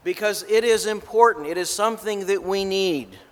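A man preaching a sermon with a measured, emphatic delivery. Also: sits high, big-room sound.

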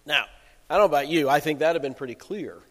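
A male pastor giving a sermon in a relaxed, conversational storytelling way. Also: on the high side, fast talker, long reverb tail.

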